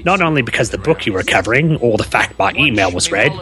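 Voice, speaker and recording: A man's voice: lowish voice, animated, fast, bright, forceful tone, faint music behind. A man reading out a fan letter in a put-on Australian accent, playing a male comic-book fan. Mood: cheery. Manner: hammy, exaggerated reading.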